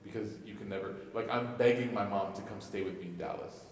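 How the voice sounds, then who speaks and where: A young man with a lowish voice gives an emotional mosque talk, mixing jokes into his stories and asking the crowd "right?" again and again. He is picked up from far off in a large, echoey prayer hall with a long reverb tail and faint room noise behind him. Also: quick pace. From Egypt (family), raised in Chicago. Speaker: imam.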